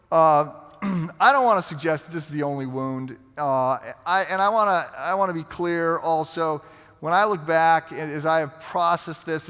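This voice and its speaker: A male pastor telling a story in a conversational sermon, with halting restarts. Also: on the high side, a bit bright, clean tone. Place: large church sanctuary. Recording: long hall reverb.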